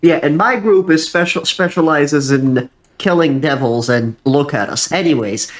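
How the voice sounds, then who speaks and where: A man's voice: fairly high pitch, normal speed. Boisterous, foul-mouthed male player. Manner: boisterous, swears a lot. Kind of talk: casual tabletop banter.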